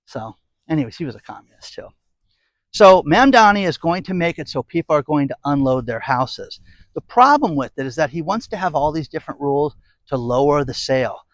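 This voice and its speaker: Sarcastic ranting man, fairly high voice. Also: sing-song, fairly quick, no echo. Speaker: political commentary vlogger. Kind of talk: opinionated commentary monologue.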